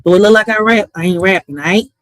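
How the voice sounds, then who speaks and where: A woman's voice: mid-range voice, fast, no room sound. Profane, laughing woman in her thirties. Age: 30s. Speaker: poet and streamer. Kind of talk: casual chat to viewers.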